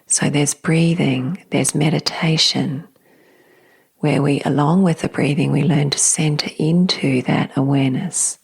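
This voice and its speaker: A woman hosting a spiritual podcast, speaking softly and slowly in a whispery, reflective way. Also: sits low, steady tone, creaky, breathy edge. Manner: soft, slow, often whispery and emotional. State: tearful at times. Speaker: podcast host.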